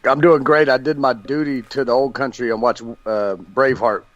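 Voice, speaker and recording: A man's voice: mid-range voice, fairly even intonation, moderate pace, dry recording, muffled recording. A man, a panel guest who jokes in a folksy way. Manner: jokey, folksy.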